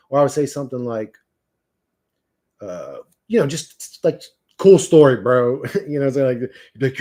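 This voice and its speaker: Husky, foul-mouthed man ranting. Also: mid-range voice, a little mellow. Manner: profane, mocking, laughs often. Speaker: livestream host reading chat. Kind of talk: casual rant to a live chat.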